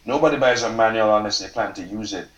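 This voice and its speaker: A man's voice: on the low side, fast talker, close to an everyday voice. An author reading the part of a sarcastic, prying American man who needles with pointed questions, in a roomy hall. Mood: needling. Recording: roomy hall, mic from far off.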